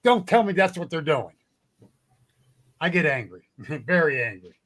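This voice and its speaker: A man's voice: a little high, expressive, a little slow, fairly bright tone. A man chatting as a guest, telling stories bluntly with plenty of cursing and frequent laughter. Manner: blunt and salty, laughs often. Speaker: guest, cryptid researcher. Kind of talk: casual storytelling chat.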